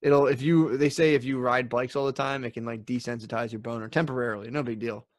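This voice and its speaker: A man's voice: medium pitch, fairly even intonation, fast talker, no echo, clean studio sound. A young man co-hosting a podcast, chatting in an upbeat, rambling way and saying "dude" often. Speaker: podcast co-host. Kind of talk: casual podcast banter.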